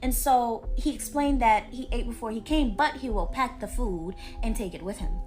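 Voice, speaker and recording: A woman's voice: a little high, moderate pace, a little mellow, soft background music. A woman narrating a creepy folklore story in a chatty, dramatic storytime style.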